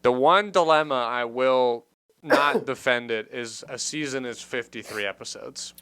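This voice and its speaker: A young man hosting a loose comedy podcast with friends, telling stories with plenty of energy. His voice is bright and forward, with a smooth, clear tone. He acts out the people in his stories loudly. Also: mid-range voice, measured pace. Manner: animated storyteller, acts out shouted quotes. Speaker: podcast host. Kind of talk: casual comedy podcast banter.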